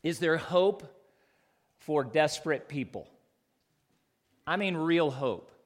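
A man's voice: fairly high pitch, expressive, slow. Earnest man preaching, rising and falling. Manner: earnest preaching with sudden loud emphasis and soft drops. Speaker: pastor. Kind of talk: sermon.

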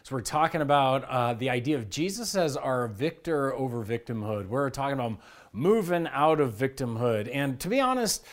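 A middle-aged man preaching a sermon as pastor, energetic and conversational, with lively asides. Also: medium pitch, normal speed. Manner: energetic, conversational, acts out his kids' whiny voices. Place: church.

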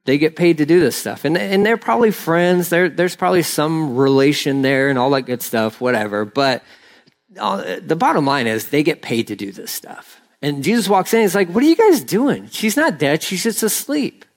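A man preaching a sermon, retelling a Bible story in a loose, animated way and acting out the people's lines with rambling asides. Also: fairly high pitch, moderate pace. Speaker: pastor.

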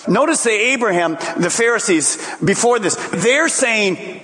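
Animated preaching man in an echoing hall. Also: sits high, a little slow. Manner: preaching with animated swings, acting out dialogue. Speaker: pastor. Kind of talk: sermon. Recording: long reverb of a large hall.

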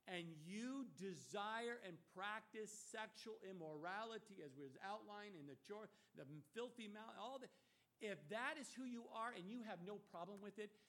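A middle-aged pastor with a high-pitched voice preaches an emphatic sermon. He swings from loud rhetorical questions to hushed warnings.

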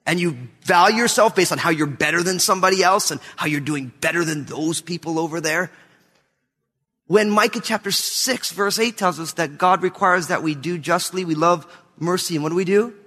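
A man in his thirties preaching a sermon to his church, telling a family story with lively, acted-out voices. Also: a little high, big-room sound. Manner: animated storytelling, acts out his kids' voices. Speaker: pastor. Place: church sanctuary.

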